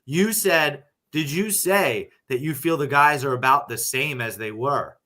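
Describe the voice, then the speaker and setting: A man's voice: a little high, measured pace, bright, forceful tone. A man co-hosting a casual fight-betting show, talking in an enthusiastic, teasing way. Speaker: podcast co-host.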